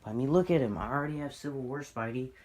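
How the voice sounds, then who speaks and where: A man vlogging about his toy collection, rambling and excitable, poking fun at his own spending. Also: medium pitch, very fast. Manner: excitable, rambling, self-mocking. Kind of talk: casual rambling vlog.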